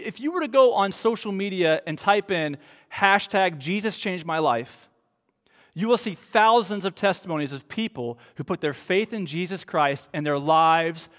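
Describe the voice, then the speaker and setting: A man in his thirties preaching a sermon, telling stories expressively and moving between animated bursts and hushed, soft passages. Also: high voice. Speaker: pastor. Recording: long hall reverb.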